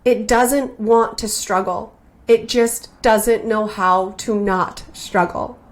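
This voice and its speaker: A woman's voice: mid-range voice, steady tone. Earnest woman giving spiritual talk. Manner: slow, earnest and heartfelt, with many repeated phrases. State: emotional, near tears. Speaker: spiritual podcast host.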